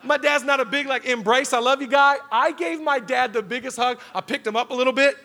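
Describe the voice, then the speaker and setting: A man in his thirties preaching a sermon as pastor, telling stories in an animated, excitable way. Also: very high-pitched, brisk, vocal fry. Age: 30s. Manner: animated storytelling with rising excitement. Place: large church hall.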